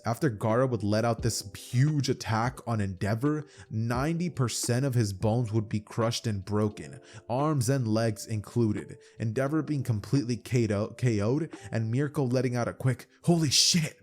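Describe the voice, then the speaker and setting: A man's voice: mid-range voice, normal speed, few pauses, darkish tone. A man narrating a fan-made anime story at home in a loose, casual style with many fillers. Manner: loose, repeats "as from here", fillers. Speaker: youtube narrator. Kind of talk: casual fan-fiction retelling.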